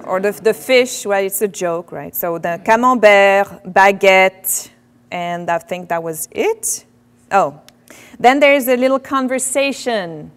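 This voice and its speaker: A woman's voice: mid-range voice, clean tone. Woman giving a faculty lecture. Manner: animated, self-deprecating, quoting French phrases. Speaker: French professor. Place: lecture hall.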